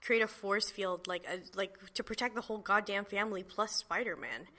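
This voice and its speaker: A woman hosts a relaxed podcast conversation. Her voice is bright and clear, and her speech is loose and chatty, full of "like" and "you know.". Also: mid-range voice, moderate pace. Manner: chatty, laughs often, many fillers. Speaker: podcast host. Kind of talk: casual chat.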